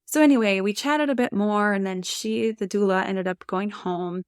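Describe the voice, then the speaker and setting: A woman's voice: mid-range voice, moderate pace, clean tone, no room sound. Chatty woman with a dry close sound. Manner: chatty, laughs often, many "like" fillers. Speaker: podcast guest sharing birth stories. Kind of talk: casual storytelling.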